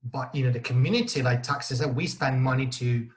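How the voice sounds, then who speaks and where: A man's voice: mid-range voice, fairly quick. A man from Italy, a guest in a casual podcast chat, speaking in short phrases with many "you know" fillers. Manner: talks in short restarting bursts with many fillers.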